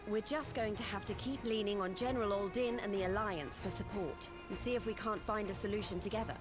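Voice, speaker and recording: A woman's voice: medium pitch, close to an everyday voice. A woman voicing a frank, upbeat young rebel leader in video game dialogue, hearty and plainspoken.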